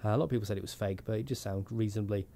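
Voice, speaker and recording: A man's voice: fairly low pitch, racing, dark tone, slight background noise. Chatty man hosting a podcast. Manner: chatty, laughs often, rambling restarts. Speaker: podcast host. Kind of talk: casual chat.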